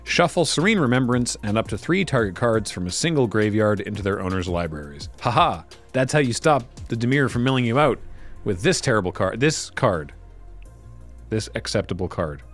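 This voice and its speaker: A man's voice: fairly low pitch, moderate pace, faint music behind. A man hosting a casual card pack review, reading card text aloud and making wry asides. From Canada. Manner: lively, wry, reads card text aloud then riffs. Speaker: host opening card packs.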